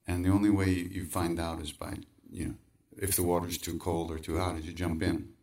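A man's voice: low-pitched, little pitch movement, a little fast, a little mellow, recorded from a distance. A man telling a personal story in conversation, acting out quoted voices and laughing often. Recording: voice from away from the mic.

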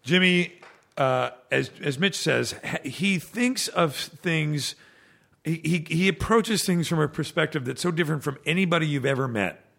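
A man with a gravelly, fry-laden voice talks loosely as a podcast guest. He stops and restarts often, filling the gaps with fillers. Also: fairly high pitch, a bit bright. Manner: halting, many restarts and fillers. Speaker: actor guest. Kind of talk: casual podcast chat.

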